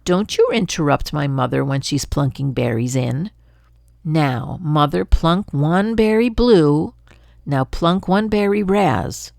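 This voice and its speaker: A woman's voice: low-pitched, expressive, takes it slowly, gravelly, a little mellow, no room sound, studio quality, heavily acted. An older woman voicing a chatty, pushy male glunk creature in a storybook read-aloud, sweet-talking and jabbering on.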